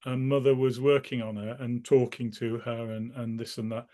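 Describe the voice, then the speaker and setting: A man in an interview casually rambles through his memories, frequently restarting sentences and acting out the people he describes. His mid-range voice holds a level tone at a moderate pace and sounds dark.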